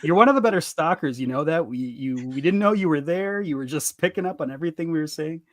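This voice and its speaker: A man's voice: a little high, expressive, quick pace, a bit bright, no echo. A man co-hosting a podcast, chatting casually and throwing in dry jokes. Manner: joking, dry asides. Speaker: podcast co-host. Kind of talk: casual live-stream chat.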